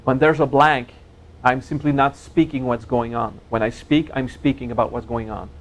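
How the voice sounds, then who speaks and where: A man teaching a spiritual seminar in a gentle, playful way, joking with his audience and laughing at his own jokes. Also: mid-range voice, fairly even intonation, moderate pace, low-quality recording. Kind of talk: relaxed seminar talk.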